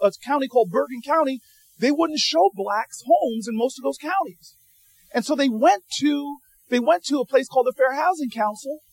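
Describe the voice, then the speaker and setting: A man with a notably high voice tells stories to an audience, animated and full of humor. He often restarts with repeated words, and his voice sounds close and dry, with no room echo. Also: breathy edge. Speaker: public speaker addressing an audience. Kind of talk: storytelling speech.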